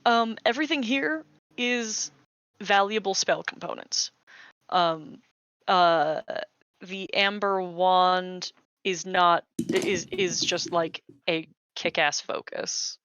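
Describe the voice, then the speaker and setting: A woman narrating a tabletop game as game master, describing scenes unhurriedly with frequent 'um' pauses. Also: lowish voice, fairly even intonation, fairly bright tone, slight background noise. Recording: dull lo-fi dry recording.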